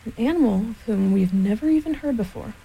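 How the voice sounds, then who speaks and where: A woman's voice: fairly high pitch, lively intonation, vocal fry, mellow, breathy edge, full character voice, rough recording. Rabbit, fussy and bossy, as a woman reads him. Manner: slow, careful, self-important. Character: fussy, bossy male rabbit planning schemes.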